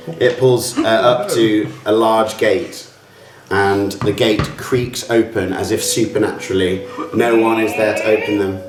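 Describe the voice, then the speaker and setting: A man's voice: on the low side, fairly even intonation, measured pace, distant mic. A man narrating as game master for a tabletop game, reading grandly and using fillers. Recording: roomy sound with faint music.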